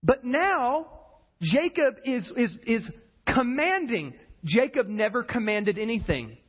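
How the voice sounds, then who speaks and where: A man preaching with a very high voice, animated and punchy, acting out the people he talks about. The sound is a little dull and lo-fi, like a plain church recording. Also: takes it slowly, husky. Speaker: pastor. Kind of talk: sermon.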